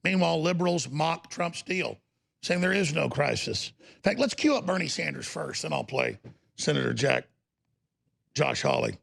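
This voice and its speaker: A man hosting a political talk show, ranting in a gravelly, repetitive way. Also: fairly high pitch, animated, normal speed, a bit bright.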